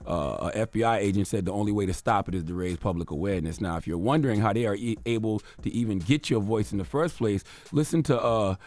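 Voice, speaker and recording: A man's voice: fairly low pitch, fast talker, hardly any pauses, a little mellow, dry recording. A man hosting a radio show, delivering an emphatic, sarcastic commentary rant. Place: radio studio.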